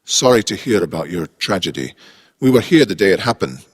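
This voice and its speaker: A man's voice: low-pitched, sing-song, fairly quick, big-room sound. A man voicing a brusque male park veterinarian who talks in a blunt, folksy way. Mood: reassuring.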